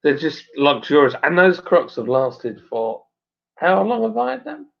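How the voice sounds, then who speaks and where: A man with a broad Suffolk accent, hosting a relaxed live stream at home and reading out viewer comments in a rambling, matey way with plenty of fillers. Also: a little high, a little slow, gravelly. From Suffolk, England. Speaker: stream host and brewer. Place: at home by the fire. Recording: dull lo-fi sound.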